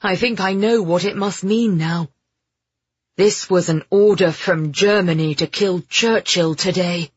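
Narrator as a young agent man, urgent, forceful, husky, dry. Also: mid-range voice, a little slow, no echo. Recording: dull lo-fi audiobook recording.

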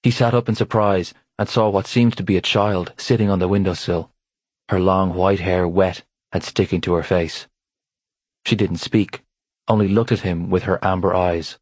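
A male narrator reads a novel in a measured, steady way, his voice very low with a husky grain. The sound is dry and close, with no room around it, as in a studio booth. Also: no room sound. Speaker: audiobook narrator. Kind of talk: scripted narration.

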